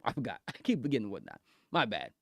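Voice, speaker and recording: A man's voice: lowish voice, huge pitch swings, fast, creaky, a bit bright, no echo, clean studio sound. A male streamer chatting casually on a livestream, rambling, laughing often and repeating phrases.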